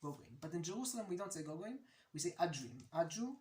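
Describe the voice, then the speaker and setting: A woman from Israel with an Israeli accent, casually teaching words and repeating each one slowly so the pronunciation is clear. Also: lowish voice, big pitch swings, darkish tone, reverberant. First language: Hebrew. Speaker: language teacher. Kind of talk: casual video lesson.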